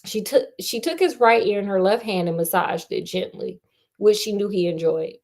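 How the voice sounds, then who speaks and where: A woman's voice: medium pitch, moderate pace, darkish tone. Sassy woman reading a novel aloud. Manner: sassy, joking commentary. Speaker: audiobook reader.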